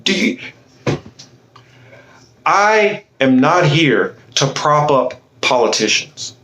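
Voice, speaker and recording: A man's voice: a little high, very animated, slow, sharp tone, reverberant, rough recording. A man delivering a blunt, fiery political monologue, impassioned and swearing freely. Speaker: political commentator.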